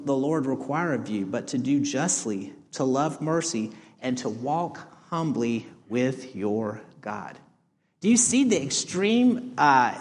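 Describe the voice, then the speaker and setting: Man, pastor, sermon, fairly high voice, rhetorical questions, long church reverb. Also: a little mellow. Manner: preaching with rhetorical questions and scripture readings. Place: church sanctuary.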